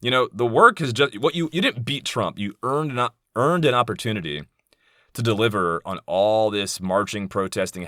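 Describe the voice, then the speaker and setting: A man's voice: sits low, bright, forceful tone, clear, resonant tone, no echo, studio quality. A man in his thirties hosting a solo podcast, talking candidly and rambling, profane and heated when indignant. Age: 30s. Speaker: podcast host.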